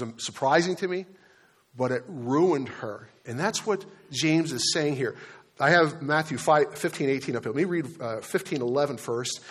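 A man preaching a sermon in a relaxed, conversational way, with frequent fillers and repeated words. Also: mid-range voice. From Delaware, United States. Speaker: pastor.

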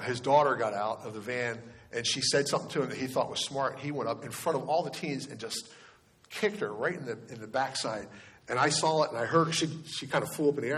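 A man's voice: mid-range voice, a bit bright, slightly rough. A male pastor giving a sermon in a conversational storytelling way, often restarting his sentences.

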